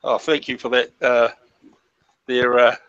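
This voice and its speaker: A man's voice: medium pitch, flat delivery, a little slow, fairly bright tone, dry recording, lo-fi sound. A man with an Australian accent chatting casually and teasing in an online group call. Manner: easygoing, teasing banter. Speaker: chat participant.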